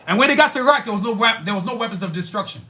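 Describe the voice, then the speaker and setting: Brief: male podcast host, profane heated rant, high bright voice, wildly swinging pitch. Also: expressive, racing. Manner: profane, fired-up, emphatic. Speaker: podcast host reading live chat.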